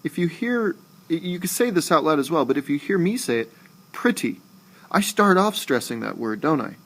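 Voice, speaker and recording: A man teaching a recorded lesson, talking slowly and deliberately and saying example words aloud more than once. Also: a little high, lively intonation, fairly bright tone. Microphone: screencast voice-over.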